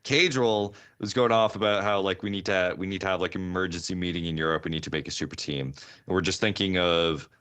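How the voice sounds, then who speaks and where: A man co-hosting an esports podcast, talking in a rambling, animated way with sudden jumps in pitch. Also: fairly quick, clean tone. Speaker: podcast co-host. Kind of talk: casual esports chat.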